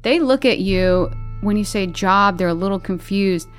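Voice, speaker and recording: A woman game master narrating a tabletop game, lively and descriptive. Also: medium pitch, normal speed, faint music behind. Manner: lively, laughs often, descriptive.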